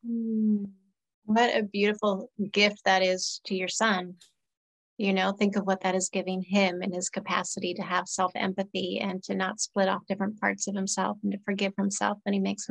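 Woman therapist guest, reflective, middle pitch, slight vocal fry. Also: moderate pace, low-quality recording. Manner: earnest, reflective, quotes clients in lively voices. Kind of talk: casual podcast conversation.

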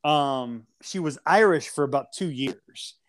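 A man's voice: a little high, unhurried. A man co-hosting a casual podcast, ranting and joking with lots of swearing and mock insults. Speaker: podcast co-host.

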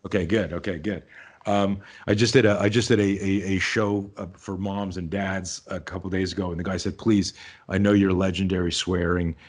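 Deep husky-voiced man telling stories. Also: fairly even intonation, brisk. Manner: rambling, frequent restarts, swears freely. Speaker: self-defense instructor, guest. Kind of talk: casual storytelling interview.

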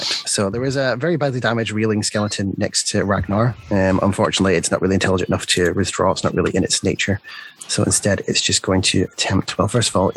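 A man's voice: deep voice, vocal fry, a bit bright, a little hiss or hum. A man acting as game master, steadily explaining each combat turn and chuckling often. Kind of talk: narrating a tabletop game.

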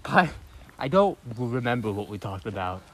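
A man's voice: medium pitch, sing-song, normal speed, crowd noise. A young man co-hosting a podcast on an outdoor hiking trail, mostly giving short agreeing replies and the odd dry quip. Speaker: podcast co-host. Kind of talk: casual chat while hiking.

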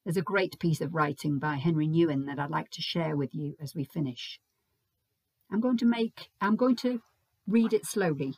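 A woman preaching a Sunday sermon in a measured, gentle and reflective way. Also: low-pitched, breathy edge, no room sound. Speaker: preacher leading a Sunday service.

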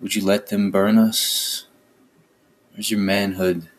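A man's voice: on the low side, little pitch movement, slow pace. A man reading aloud and voicing a fierce, grieving village widow who speaks accusingly.

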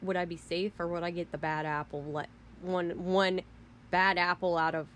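A woman's voice: lowish voice, flat delivery, moderate pace, a bit bright, a little hiss or hum. A woman hosting a podcast, ranting in an indignant, heated way with mild swearing and frequent restarts. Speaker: podcast host. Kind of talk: casual rant.

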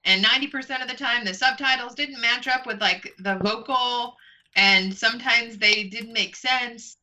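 A woman's voice: a little high, normal speed, sharp tone, poor audio. A woman in her thirties chatting casually on a podcast, rambling with fillers. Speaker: podcast co-host. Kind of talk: casual chat.

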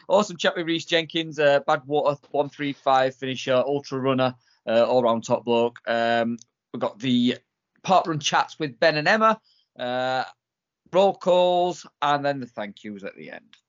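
A man's voice: mid-range voice, unhurried. Laid-back british bloke on a podcast, stumbles over his words a lot, bit muffled sound. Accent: British English. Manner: easygoing, hesitant, many fillers and restarts. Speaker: podcast co-host. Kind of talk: casual podcast banter. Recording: slightly dull-sounding podcast audio.

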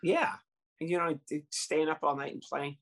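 A podcast co-host chatting in a relaxed, conversational way and laughing along. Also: medium pitch, moderate pace. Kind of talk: casual chat.

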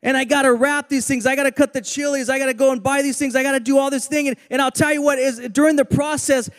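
High-voiced preacher man in a reverberant hall. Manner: earnest preaching with repeated phrases. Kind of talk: sermon with prayer.

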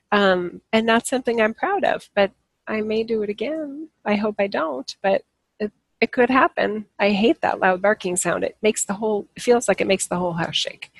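A woman's voice: medium pitch, creaky, breathy edge, no echo. A woman hosting a live stream, talking casually and rambling, often restarting her sentences and laughing at herself. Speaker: livestream host. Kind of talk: casual spiritual talk to live viewers.

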